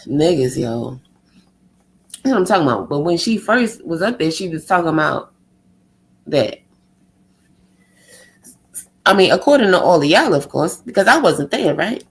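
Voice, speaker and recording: A woman's voice: lowish voice, very animated, moderate pace, pauses often. Profane, heated woman ranting on stream. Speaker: live-stream host.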